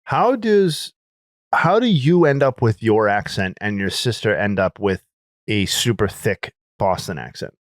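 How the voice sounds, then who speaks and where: Man, lowish voice, dry mic, laid-back co-host, curious follow-ups. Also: lively intonation, measured pace, no echo. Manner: easygoing, prompting questions and short agreements. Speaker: podcast co-host. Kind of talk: casual chat.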